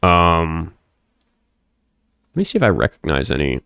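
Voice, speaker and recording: Deep-voiced man hosting a livestream. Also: very animated, unhurried, gravelly, fairly bright tone, smooth, no echo, clean studio sound. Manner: rambling, profane, frequent fillers. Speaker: livestream show host. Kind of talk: casual livestream talk with callers.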